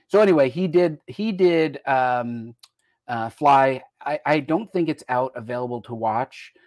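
A man's voice: medium pitch, a little slow, darkish tone, no echo, studio quality. An American man hosting a casual live-stream chat, talking in a rambling way and jumping between topics mid-sentence. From United States. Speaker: host.

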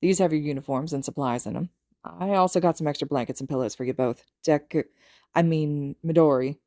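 A woman voicing a gruff, burly male teacher. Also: sits low, brisk, mellow, no room sound, clean studio sound. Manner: blunt, matter-of-fact.

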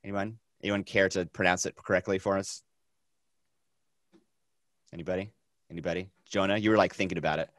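A man teaches a film class, his voice sitting on the lower side. He talks in a chatty, energetic way, circles back on his phrases and pads them with fillers. The sound is dry and close, with almost no room. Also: a little fast, pauses often, no echo. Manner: energetic, chatty, repeats himself, many fillers. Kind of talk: classroom lecture.

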